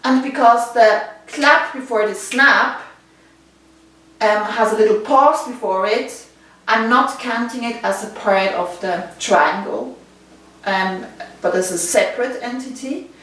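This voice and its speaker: A woman's voice: a little high, takes it slowly, a bit bright. A woman with a Swiss German accent teaching body percussion, patiently counting rhythms aloud and checking in with her listeners. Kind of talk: instructional video lesson. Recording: very echoey room, distant mic, faint noise.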